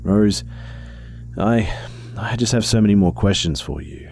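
Young woman officer voiced by a man, earnest, hesitant, mellow tone. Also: fairly low pitch, expressive, a little slow, gravelly, faint music behind, voice pushed up, full character voice. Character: young woman police officer, daddy's girl.

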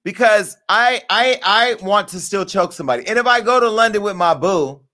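A man hosting a crude comedic commentary rant, brash and animated, jumping between loud outbursts and low asides. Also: moderate pace.

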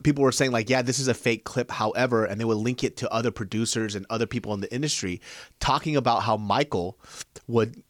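A man in casual podcast chat, relaxed and swearing freely as he retells anecdotes. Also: medium pitch, fast, no room sound, clean studio sound. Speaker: podcast co-host.

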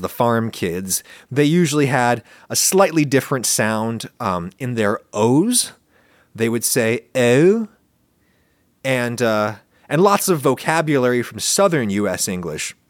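A man's voice: medium pitch, expressive, measured pace, dry recording, clean studio sound. A man from central Pennsylvania with a general northern US accent, hosting a viewer-question show in a wry, opinionated explanatory monologue. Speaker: host answering viewer questions.

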